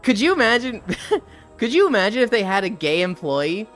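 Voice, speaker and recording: A live streamer with a medium-pitched, very animated, fairly bright voice talks at normal speed while walking, with faint music behind. Chatting casually, they retell funny stories, laughing often, swearing, and acting out the voices of the people involved.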